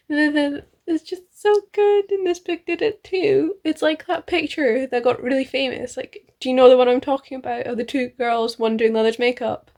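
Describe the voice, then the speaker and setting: A young woman with a high voice talks through her reading in a casual vlog. She gushes and chats, full of "like" and small giggles. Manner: gushing, chatty, many fillers and giggles. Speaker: book vlogger.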